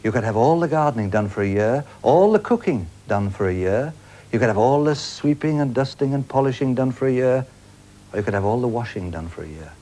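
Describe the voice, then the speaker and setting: A man's voice: medium pitch, expressive, a little fast, mellow. A man hosting a studio game show with a jokey, teasing patter and a studio audience.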